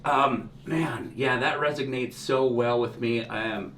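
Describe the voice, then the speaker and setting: A man's voice: mid-range voice, slow, a bit bright. Young male interview host, eager and affirming, recorded from a distance in a roomy space. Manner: enthusiastic, lots of short affirmations. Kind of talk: casual interview. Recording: roomy, distant mic with faint hiss.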